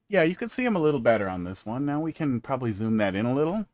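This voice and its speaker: A man's voice: mid-range voice, very animated, very fast, a little mellow, no echo. A man streaming a level-building game, chatting casually and joking as he plays, sometimes humming to himself. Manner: chatty, rambling, jokey, hums to himself. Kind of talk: casual live-stream commentary.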